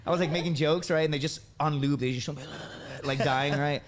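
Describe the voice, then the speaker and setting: A man in his thirties, a podcast guest, telling animated personal stories in a casual way, often tagging on "dude" and "right?". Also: fairly high pitch, fairly quick. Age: 30s. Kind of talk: casual storytelling.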